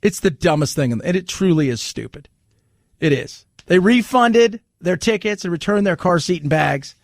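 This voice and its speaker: A man's voice: high voice, animated, moderate pace, dry recording. A male talk radio host in his forties giving an indignant, sarcastic rant into a studio microphone. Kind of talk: opinionated talk radio monologue.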